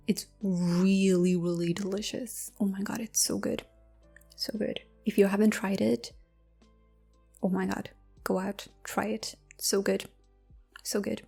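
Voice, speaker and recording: Young female ASMR creator, dark mellow tone, soft-spoken Q&A, drifts into whispers. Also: medium pitch, gravelly, slightly rough. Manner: slow, intimate, drifting into whispers with soft laughs.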